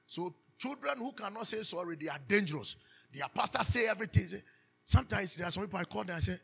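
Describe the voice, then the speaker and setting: A man preaching a sermon as pastor, animated, asking the congregation to finish his sentences. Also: a little high, brisk, creaky, breathy edge. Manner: animated preaching with call-and-response questions.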